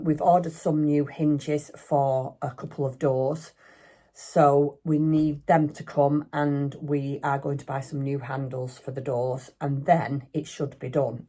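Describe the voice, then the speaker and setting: An older woman vlogs from her home craft room in a very deep, mellow voice with little pitch movement and a moderate pace. Her talk is chatty and slightly rambling, often self-deprecating.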